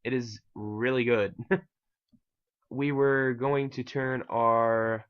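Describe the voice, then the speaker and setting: A man's voice: mid-range voice, fairly even intonation, slow pace, clear, resonant tone, dull audio. A man giving casual gameplay commentary as host, rambling and self-mocking with casual swearing. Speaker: gaming channel host.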